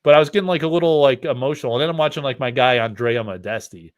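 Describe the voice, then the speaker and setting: A man's voice: medium pitch, fast. Rambling man hosting a livestream. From upstate New York. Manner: rambling, heavy on fillers. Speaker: host of a card-opening stream. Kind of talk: casual livestream chat.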